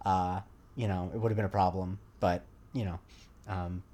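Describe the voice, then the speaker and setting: This young podcast co-host has a low, mellow voice with fairly even intonation and speaks at a normal speed. His casual chat rambles, full of fillers and false starts.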